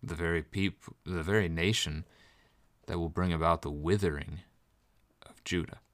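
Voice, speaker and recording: Steady in tone, a preacher with a very low, deep voice leads a Bible study sermon, reading verses slowly and explaining them plainly while stressing key phrases. The audio is close and dry, with no room around it and no echo.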